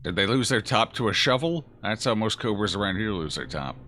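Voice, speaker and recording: A man's voice: on the low side, expressive, a little fast, bright, forceful tone. A man streaming a game, chatting casually and jokingly as he reacts aloud to his chat. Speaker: gaming streamer. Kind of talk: casual let's-play commentary answering chat.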